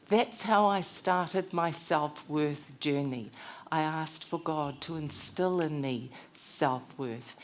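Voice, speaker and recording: A woman with a low voice gives a motivational talk at a conference. She speaks in a heartfelt, personal storytelling manner. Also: slow pace.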